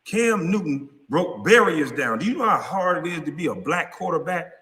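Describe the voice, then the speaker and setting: A man in his thirties rants angrily on camera, cursing and calling people out. His voice is bright and forceful, and it rings out with a long reverb. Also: a little high, animated, normal speed. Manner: angry, cursing, confrontational. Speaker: vlogger. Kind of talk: profane heated rant.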